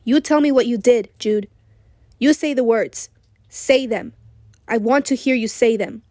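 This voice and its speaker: A woman with a hoarse voice voicing a stern, furious middle-aged male doctor in an audiobook, cold and clipped. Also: a little high, unhurried, darkish tone, no room sound, studio quality, close to an everyday voice. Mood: cold anger. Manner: cold, clipped, rising to anger.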